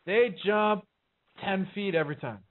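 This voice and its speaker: Over a tinny, telephone-style recording, a podcast host speaks in a high-sitting voice at a somewhat slow pace. He's hosting a casual chat show, rambling with lots of filler words and talking bluntly with plenty of profanity.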